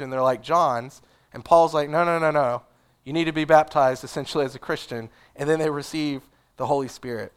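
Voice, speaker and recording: A man preaching a sermon in an easygoing, conversational way, using casual asides and fillers. His voice is smooth and resonant, pitched in an ordinary middle range. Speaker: pastor.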